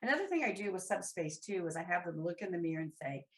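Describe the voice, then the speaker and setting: A woman guest on a podcast, chatting in a lively, rambling way with restarts and side remarks. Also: on the low side, fast. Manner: animated, rambling, with restarts and asides. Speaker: podcast guest, professional dominatrix. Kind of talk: casual chat. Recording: roomy echo.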